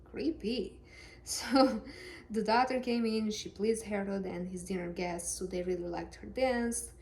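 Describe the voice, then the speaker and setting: A woman's voice: medium pitch, fairly even intonation, measured pace, a little mellow, a little hiss or hum. A woman reading scripture aloud with casual, sarcastic, joking commentary. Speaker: Bible reader and commentator.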